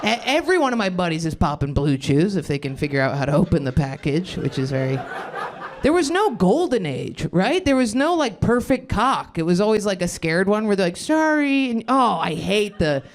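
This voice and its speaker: A woman's voice: lowish voice, big pitch swings, brisk. A woman in her thirties doing crowd-work stand-up comedy on a club stage, rambling, cutting herself off and laughing at her own jokes. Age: 30s.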